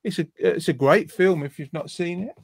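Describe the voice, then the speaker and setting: A man's voice: sits high, normal speed, gravelly, husky, dry recording, studio quality. Jokey man hosting a quiz chat. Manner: jokey, rambling, lots of ums. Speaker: host. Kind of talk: casual quiz chat reading viewer comments.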